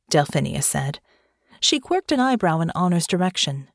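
A woman narrating a fantasy novel as an audiobook in an expressive storytelling manner. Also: sits low, normal speed, gravelly, no echo, clean studio sound. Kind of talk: scripted narration.

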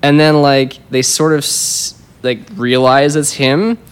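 A man co-hosting a podcast, giving a measured, thoughtful critique in a casual panel discussion. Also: mid-range voice, little pitch movement, clear, resonant tone.

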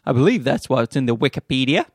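A young adult man hosting a casual solo podcast at home, rambling and joking with animated asides, holding the mic close. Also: medium pitch, quick pace, breathy edge, dry recording. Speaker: podcast host. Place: at home with a baby. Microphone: handheld mic held close.

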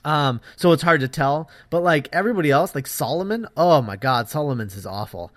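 A man's voice: fairly high pitch, lively intonation, fairly quick, fairly bright tone. An American man co-hosting a podcast, tearing into an episode with blunt, exasperated criticism and plenty of "um"s. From United States. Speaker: podcast co-host. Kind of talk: casual podcast chat.

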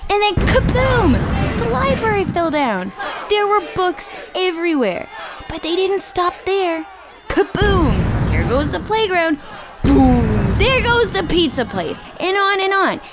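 A woman telling a children's story with dramatic sound effects and shouted chants. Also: very high voice, big pitch swings, normal speed, a loud crowd, heavy background noise. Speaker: guest storyteller.

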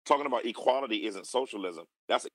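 A man's voice: medium pitch, expressive, fast, no echo, poor audio. Earnest man explaining in an interview. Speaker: interview guest in a clip. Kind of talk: conversational interview.

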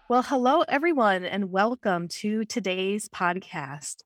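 A woman's voice: medium pitch, lively intonation, a little slow, hardly any pauses, faint music behind. A woman hosting a spiritual podcast interview, talking in an enthusiastic, chatty way. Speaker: podcast host.

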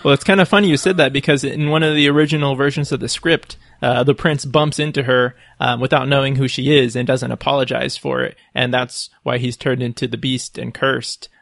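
A man hosting a casual film discussion, measured and unhurried, steering the talk. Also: mid-range voice, steady tone, creaky, a bit bright, no echo, clean studio sound.

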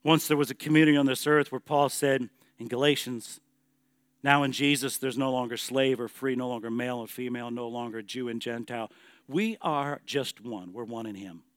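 A man preaching a sermon as a pastor, emphatic, moving between hushed and loud passages. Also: medium pitch, fairly even intonation, normal speed, dry recording.

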